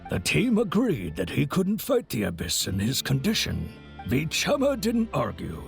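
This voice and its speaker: A man's voice: medium pitch, huge pitch swings, normal speed, creaky, faint music behind. An actor playing a friendly, chatty older male merchant who tells stories in a folksy way in a video game. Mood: storytelling.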